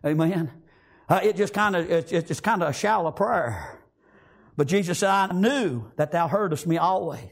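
A man preaching a fiery revival sermon in church, breaking into shouts and filling pauses with "amen" and "praise God.". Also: sits high, lively intonation, gravelly.

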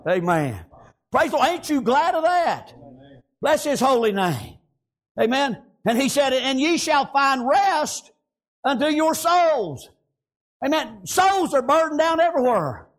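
High-voiced fervent male preacher. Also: very animated, a little slow. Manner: fervent, peppered with "amen" and "praise God", bursts into shouts. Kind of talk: sermon.

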